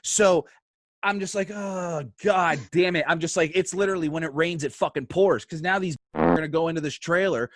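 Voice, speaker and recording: Telling a story as a guest on a laid-back podcast, this man speaks briskly in a voice on the high side. He swears freely and animatedly performs the lines of the people involved, all captured in clean, echo-free studio sound.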